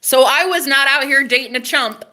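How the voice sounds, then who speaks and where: A woman telling a story to camera in a casual vlog, chatty and dramatic, with frequent swearing, her voice dropping to a hush and then rising loud. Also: high-pitched, normal speed, slight background noise. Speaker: vlogger.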